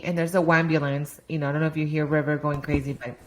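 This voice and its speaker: Podcast co-host, woman in her thirties, candid storyteller, slightly low pitch. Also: fast, a little hiss or hum, low-quality recording. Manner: candid, swearing, animated storytelling. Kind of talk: casual chat.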